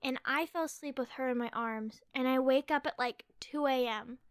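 A woman's voice: high-pitched, normal speed, clear, resonant tone, dry recording, studio quality. A young woman from Canada hosting a podcast, telling a story in a rambling, chatty way full of "like" and restarts. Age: young adult. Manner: rambling, chatty, filler-heavy with frequent "like". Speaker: podcast host.

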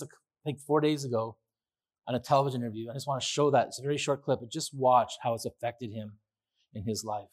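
A pastor preaching a sermon in a chatty, enthusiastic way, with restarts and asides. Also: male voice, mid-range voice. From Canada. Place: church.

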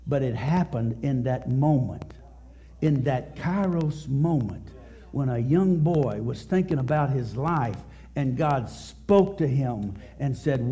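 During a church service, a middle-aged pastor delivers a sermon in a medium-pitched, mellow voice. He tells a story in a halting manner, frequently repeating his words.

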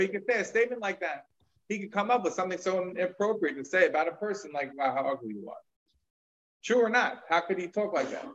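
A man's voice: high-pitched, fairly bright tone, lo-fi sound. A man teaching a Talmud lecture, retelling a story in a conversational way with casual fillers and asides. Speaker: rabbi teaching.

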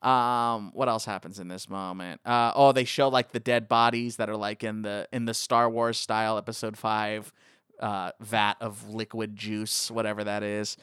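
A man's voice: lowish voice, flat delivery, normal speed, a bit bright, clean tone, dry recording, clean studio sound. A man hosting a podcast, rambling playfully through a movie recap. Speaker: podcast host. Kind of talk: casual movie chat.

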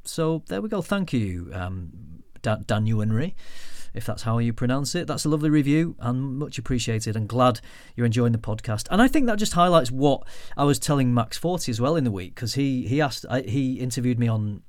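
Male co-host, relaxed rambling chat, dry close mic. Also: medium pitch, a little fast, few pauses, no room sound. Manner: chatty, rambling with restarts. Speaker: podcast co-host. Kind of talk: casual podcast chat.

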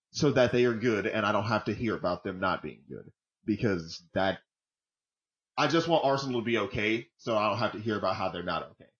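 Heard through dull lo-fi audio, a man co-hosting a football podcast jokes casually, swears freely and rambles between points. He is a football fan, and his voice sits on the low side with a fairly bright tone.

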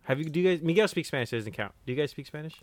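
A man's voice: fairly high pitch, animated, rapid-fire, a crowd in the background. A man with a Chicago accent, blunt and teasing in a casual group chat.

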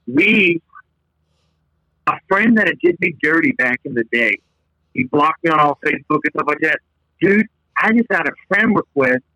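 A man's voice: on the high side, expressive, normal speed, long pauses, sharp tone, no room sound, low-quality recording. A man co-hosting a podcast, chatting casually and rambling, trailing off mid-thought. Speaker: podcast co-host.

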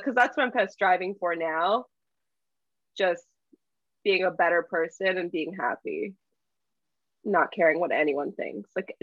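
A woman's voice: fairly low pitch, a bit bright, no echo, lo-fi sound. A young adult woman guest in casual chat, frank and laughing often, with some swearing, heard through an earbud mic. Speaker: podcast guest.

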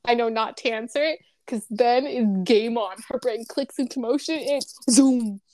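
A woman with a high, bright-toned voice chats casually as a co-host. She tells stories in an animated way and breaks into laughter often. The sound is dry and close. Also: normal speed, dry recording. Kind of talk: casual chat.

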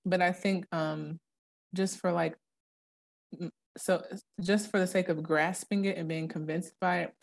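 A woman's voice: on the low side, fairly even intonation, measured pace, vocal fry. A young adult woman co-hosting a Christian podcast in casual chat, talking earnestly and leaning dramatically into the words she stresses. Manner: earnest, emphatic, dramatic when quoting scripture. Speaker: podcast co-host.

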